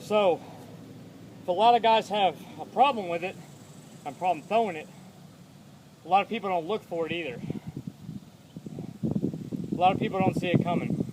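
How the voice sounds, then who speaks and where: A man's voice: high voice, normal speed, pauses often, darkish tone, a little hiss or hum. A man coaching boxing combos, calling out punch numbers in plain talk while out of breath from throwing shots, recorded outdoors on a phone camera. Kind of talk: instructional demo of combos.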